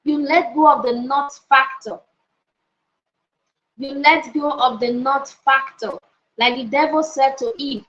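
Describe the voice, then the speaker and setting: A woman's voice: high-pitched, measured pace, fairly bright tone. A woman pastor giving a motivational teaching session, emphatic, often repeating key phrases and checking in with her listeners. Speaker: pastor and life coach. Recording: dull lo-fi audio.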